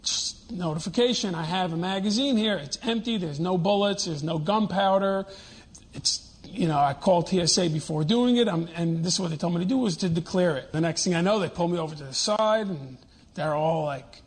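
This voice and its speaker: A man from Georgia, interviewed, retelling his experience in an animated, incredulous way with quoted dialogue. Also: sits high, brisk. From Georgia, USA. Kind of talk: casual storytelling in an interview.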